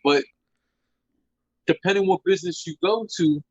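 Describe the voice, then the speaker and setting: A man's voice: high-pitched, moderate pace, breathy edge, dry recording. A man talks bluntly in casual chat, stressing his points and swearing freely. The sound is dry and a little dull, with no room to it. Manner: blunt, profane, emphatic.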